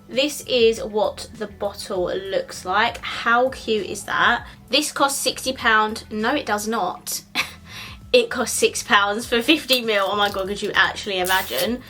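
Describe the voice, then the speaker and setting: A young woman talks through a makeup review, chatty and gushing as she tries each product. Her voice is bright and forward, with a lively, easy flow of filler words. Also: medium pitch. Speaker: beauty vlogger.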